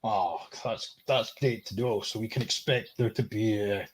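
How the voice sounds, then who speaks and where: A man's voice: lowish voice, steady tone, moderate pace, husky. A man co-hosting a casual stream chat, speaking sarcastically. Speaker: stream co-host.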